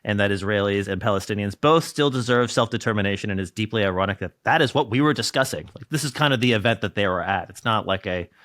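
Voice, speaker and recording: A man's voice: lowish voice, fast, hardly any pauses, fairly bright tone, dry recording, studio quality. A man hosting a casual political podcast, sarcastic and jokey, swearing freely. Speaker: podcast host.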